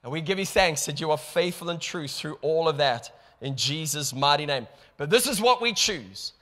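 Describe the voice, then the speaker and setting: Impassioned South African pastor, bright voice. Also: male voice, on the high side, lively intonation, normal speed. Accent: South African English. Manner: impassioned, rising to emphatic peaks. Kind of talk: sermon. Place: church hall. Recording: long hall reverb.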